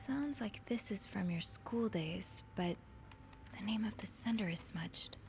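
An actress voicing a young woman in a game, breathy and hushed, in a whispered role-play. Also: medium pitch, animated, measured pace, a little hiss or hum.

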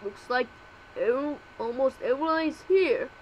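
A woman's voice: high-pitched, normal speed, slight background noise, poor audio. A woman voicing all the characters of a homemade fan cartoon, with frantic yelps and exclamations.

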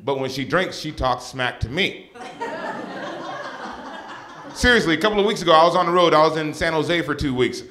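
A male stand-up comedian telling an animated story on a comedy club stage. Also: fairly high pitch, moderate pace, long pauses. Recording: live stand-up with crowd laughter.

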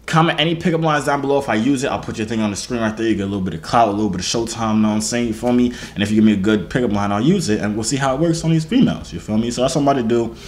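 A man's voice: mid-range voice, racing, hardly any pauses, darkish tone. A man in his twenties hosting a casual vlog, hyped and joking, full of street slang. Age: 20s. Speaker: video host.

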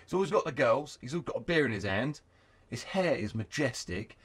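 Excitable, sweary British man telling stories. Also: mid-range voice, a little fast, slightly rough. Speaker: podcast guest. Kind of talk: casual podcast storytelling.

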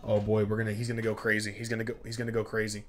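A gaming YouTuber rattles off let's play commentary in a fairly low voice, rapid-fire. He addresses his characters directly, repeats himself, and gets pleading and excited.

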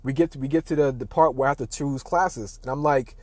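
A man in his thirties hosting a talk show, telling a personal story in a casual, animated way and acting out what other people said. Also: mid-range voice, brisk, dry recording. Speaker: host.

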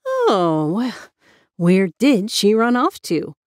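A woman's voice: mid-range voice, animated, unhurried, darkish tone, slightly rough, dry recording, studio quality. A woman voicing a mean-spirited young girl in a spoken storybook, with a teasing, dismissive manner. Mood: sly.

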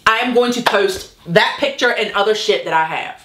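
Profane woman ranting, bright voice. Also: medium pitch, normal speed, hardly any pauses, echoey room, a little hiss or hum. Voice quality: profane, cutting. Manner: indignant, sarcastic ranting. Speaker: YouTuber. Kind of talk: angry rant vlog.

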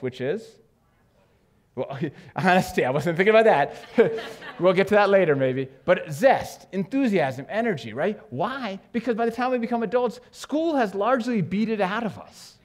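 A man from New York giving an animated conference talk on stage, joking with the audience and asking it questions. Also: high-pitched. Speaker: education speaker.

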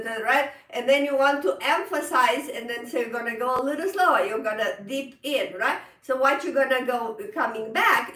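High, laughing piano teacher. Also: female voice, far from the mic. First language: Italian. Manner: laughs often, animated, repeats words, non-native phrasing. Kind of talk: casual online music lesson. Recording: roomy echo, off-mic.

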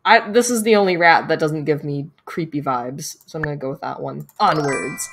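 Playful lower-voiced woman streamer. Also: animated, moderate pace, few pauses, slightly rough. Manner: playful, reads choices aloud with little jokes. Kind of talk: casual game commentary.

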